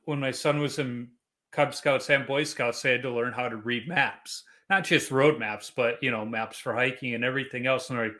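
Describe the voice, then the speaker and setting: A middle-aged man hosting a podcast interview, telling relaxed, chatty stories. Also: medium pitch, moderate pace. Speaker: podcast host. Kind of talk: casual interview chat.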